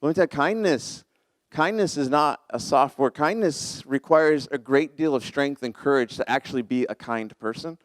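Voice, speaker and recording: A man's voice: mid-range voice, no echo. A man in his forties preaching a conversational, self-deprecating sermon as pastor, often laughing at himself.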